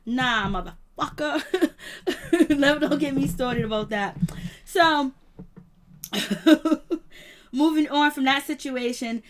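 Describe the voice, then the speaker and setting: A YouTube host on a live stream recaps a reality TV episode in slang-heavy, casual chat, acting out quotes and laughing often in an animated retelling. Her voice sits high and slow with long pauses, over a slight hiss or hum.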